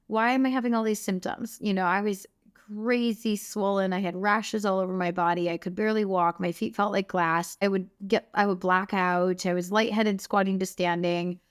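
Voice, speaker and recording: A woman's voice: mid-range voice, clear, resonant tone. A woman guest telling her personal story in an earnest, passionate way, her voice lifting with emotion. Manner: earnest and passionate, voice rising with feeling. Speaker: guest, wellness clinic founder.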